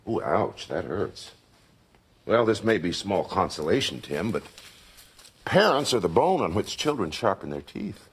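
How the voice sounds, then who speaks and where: Sage sitcom neighbor, deep husky voice, lively intonation, erudite. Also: male voice, a little slow, exaggerated voice. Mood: thoughtful. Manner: thoughtful, erudite, gently advising. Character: wise, philosophical male neighbor, middle-aged.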